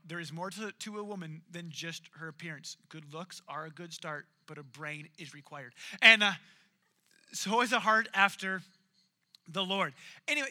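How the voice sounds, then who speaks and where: A man preaching a sermon, retelling a story in an animated, jokey way. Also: high voice.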